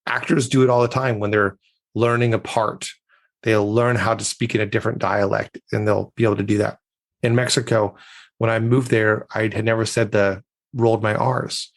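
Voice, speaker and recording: A man's voice: on the low side, level tone, moderate pace. A man from the United States, a communication coach, giving confident, emphatic advice as a guest on a podcast interview.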